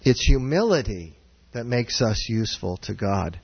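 A man preaching a sermon as pastor, earnest and searching, swinging from raised, near-shouted passages down to low, quiet ones. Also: lively intonation, moderate pace, creaky, breathy edge. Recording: dull sound with long hall reverb.

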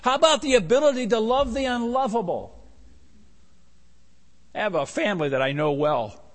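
A man's voice: sits high, expressive, moderate pace. A man preaching a sermon as pastor. He is emphatic, repeats key phrases and asks rhetorical questions. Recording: long hall reverb.

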